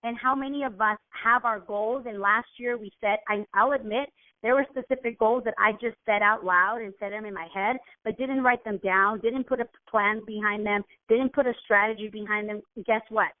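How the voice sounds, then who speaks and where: A woman talking through goals in a loose, earnest way, often circling back and restarting her sentences. Her voice sits at a middling pitch. It comes through a thin, narrow-band phone line. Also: fairly even intonation, moderate pace. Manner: earnest, rambling with many restarts. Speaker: motivational coach. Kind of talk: casual motivational talk.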